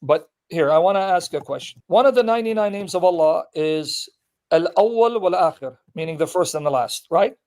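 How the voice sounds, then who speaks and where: A man with a notably high-pitched voice argues his point with relentless insistence. He reads scripture verses aloud with heavy emphasis, then turns them back on the other person as pointed challenges. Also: expressive, moderate pace, a little mellow. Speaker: Christian apologist debating a Muslim. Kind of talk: street debate, reading scripture aloud.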